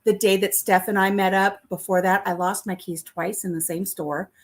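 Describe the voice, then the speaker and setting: A woman's voice: mid-range voice, fairly even intonation, moderate pace. A middle-aged woman vlogging from her home kitchen, telling self-deprecating stories to her viewers and laughing often. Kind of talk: chatty storytelling to live viewers.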